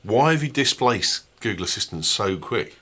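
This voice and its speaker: A man with a lowish voice that swings up and down animatedly. He teases and pushes back on his co-host in casual podcast banter. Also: lively intonation, moderate pace, bright, forceful tone. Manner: teasing, challenging. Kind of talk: casual chat.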